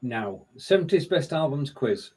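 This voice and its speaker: A man's voice: mid-range voice, big pitch swings, unhurried, darkish tone, husky, low-quality recording. A man co-hosting a casual live-stream show, chatting in a friendly, upbeat way as he runs a quiz and mutters to himself while working the screen share.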